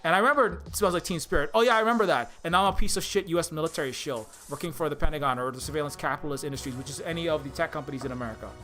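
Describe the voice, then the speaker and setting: High, bright-voiced ranting man. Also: racing, hardly any pauses. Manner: rambling, profane, sarcastic. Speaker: indie game developer. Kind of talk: ranting video commentary.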